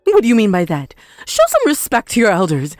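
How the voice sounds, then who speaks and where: A woman's voice: mid-range voice, huge pitch swings, no room sound, studio quality, soft background music. Woman voicing a shameless blaming mother-in-law. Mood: defiant. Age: older. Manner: defiant, self-pitying, quick to blame. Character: shameless older mother-in-law, blames others. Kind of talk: dramatized story voice acting.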